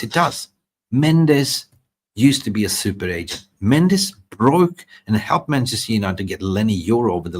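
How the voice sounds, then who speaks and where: A man hosting a live football transfer show, excitable and rambling, repeating words for emphasis. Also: fairly low pitch, husky. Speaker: host.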